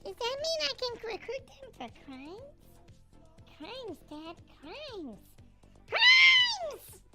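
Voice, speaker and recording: A woman's voice: very high voice, huge pitch swings, drawn-out words, bright, forceful tone, soft background music, heavily acted. A woman voicing a doting mother cheetah in a cooing, sing-song way. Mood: scheming. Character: doting mother cheetah, fierce but tender.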